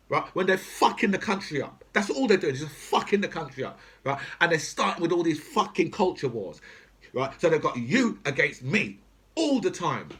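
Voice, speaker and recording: Brisk and expressive, this middle-aged man's voice sits a little high with a fairly bright tone. As a political commentator in a long, off-the-cuff rant, he curses freely and keeps tossing in "right?" and "do you know what I mean?"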